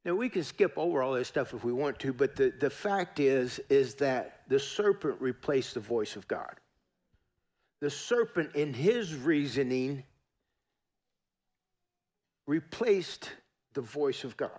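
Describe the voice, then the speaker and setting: A man's voice: medium pitch, lively intonation, takes it slowly, long pauses, a little mellow. A middle-aged man preaching a sermon as pastor, folksy and emphatic, repeating phrases and talking to the congregation.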